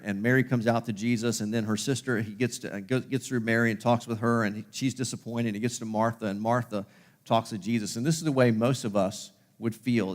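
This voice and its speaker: A man preaching a sermon at a mid-range pitch. He tells the story with animation, speaking the characters' lines in his plain voice. He slows down and grows softer on the key lines. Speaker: pastor.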